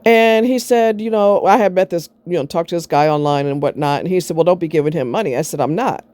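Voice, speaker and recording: A woman's voice: lowish voice, quick pace, darkish tone, dry recording. A middle-aged woman vlogging, telling a personal story in a blunt, sarcastic way and swearing freely.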